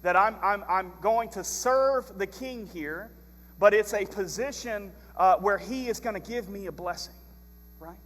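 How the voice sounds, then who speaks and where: A man preaching a sermon as pastor, telling stories in a lively, animated way. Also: high voice, unhurried, long reverb tail. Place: church sanctuary.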